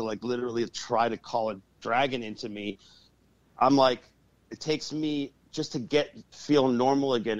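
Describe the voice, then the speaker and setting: A man's voice: medium pitch, no echo. Guy on a podcast telling wild stories, swears a lot, dry muffled audio. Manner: profane and excitable, acts out the voices in his stories. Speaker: guest, urban shaman and exorcist. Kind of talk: animated storytelling in a podcast interview.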